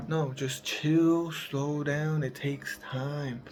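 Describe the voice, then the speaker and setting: A man's voice: fairly high pitch, steady tone, very slow, hardly any pauses. A man giving casual, profanity-heavy parenting advice in a rambling, laid-back vlog monologue. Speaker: parenting vlogger.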